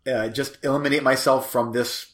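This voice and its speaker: A man co-hosting a podcast in casual chat, easygoing and quick to laugh. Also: mid-range voice, steady tone, a bit bright. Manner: laughs often, easygoing, reflective. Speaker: podcast co-host.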